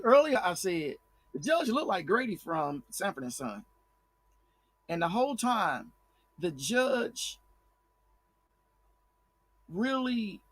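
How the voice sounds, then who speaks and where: A man with a high-pitched voice delivers blunt, fiery commentary straight to his viewers. He repeats words and restarts sentences as he pushes each point hard. The tone stays heated and direct throughout. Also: slightly rough. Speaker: online commentator.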